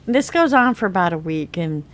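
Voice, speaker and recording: A woman's voice: on the low side, lively intonation, fairly quick. A woman hosting a gaming video, casually telling a personal story while she plays, laughing often and acting out the quotes with big jumps in her voice. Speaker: gaming channel host.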